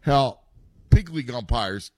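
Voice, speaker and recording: A man's voice: medium pitch, animated, a little slow, no echo, studio quality. A middle-aged man hosting a casual chat about youth baseball, rambling with lots of restarts and asides. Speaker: podcast host and youth baseball coach.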